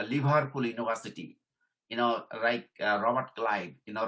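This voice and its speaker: A man's voice: medium pitch, sharp tone, rough recording. A middle-aged man giving an informal career lesson, repeating his points and checking in with "okay?". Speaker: career trainer and professor. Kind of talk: informal teaching talk.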